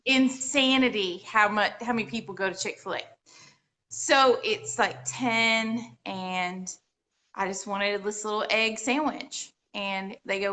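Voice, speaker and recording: A woman's voice: medium pitch, measured pace, bright, forceful tone. A woman co-hosting a live DIY show, chatting casually and laughing easily. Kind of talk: casual chat.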